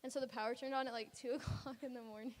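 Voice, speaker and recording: A woman's voice: fairly high pitch, fairly even intonation, fast. Chatty woman presenting in a church hall. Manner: chatty, laughing often. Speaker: mission trip presenter. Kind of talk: casual slideshow presentation. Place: church sanctuary.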